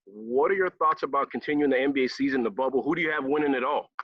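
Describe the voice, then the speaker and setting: A man's voice: mid-range voice, fast talker, no room sound. A man hosting a podcast interview, chatting casually with frequent laughs and long, rambling questions. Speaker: podcast host. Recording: dull lo-fi sound.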